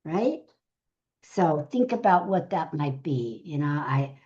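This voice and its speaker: A woman's voice: low voice, sing-song, slow, mellow, lo-fi sound. A middle-aged woman, a speaker trainer, teaching a live session, going through numbered tips and repeating each key phrase.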